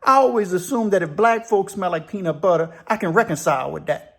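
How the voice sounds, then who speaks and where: A man's voice: high voice, vocal fry. Man doing Al, a blunt older convict. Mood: joking. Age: 60s. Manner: blunt, teasing, drawn-out "man". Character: older white male convict, blunt, joking. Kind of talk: storytelling with put-on voices.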